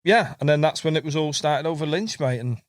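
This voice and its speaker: A brisk-talking carp angler with a fairly high voice chats as a podcast guest, rambling through fishing stories. Laughter, repeated words, and plenty of "mate" fill his casual storytelling. The recording is dry and studio quality.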